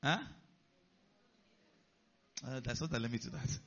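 A man preaching a sermon, animated and putting rhetorical questions to his listeners. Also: medium pitch, a little slow, vocal fry, lo-fi sound.

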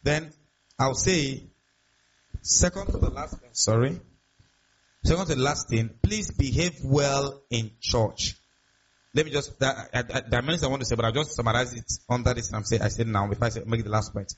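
A man's voice: medium pitch, normal speed. A man preaching a sermon as pastor, emphatic and repetitive, often asking the congregation rhetorical questions. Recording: dull lo-fi sound.

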